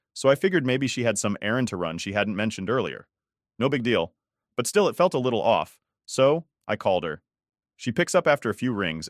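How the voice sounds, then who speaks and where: Low-voiced man in his thirties telling a story. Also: a bit bright, dry recording, clean studio sound. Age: 30s. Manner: casual, conversational storytelling. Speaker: narrator. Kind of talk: first-person story narration.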